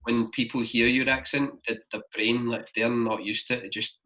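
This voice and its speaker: A man's voice: medium pitch, flat delivery, moderate pace, pushed and bright. A young man from Scotland with a Glaswegian accent, a podcast guest telling travel stories in a rambling, casual way full of "like". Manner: rambling, fills talk with "like". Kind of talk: casual storytelling chat. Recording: dull lo-fi podcast recording.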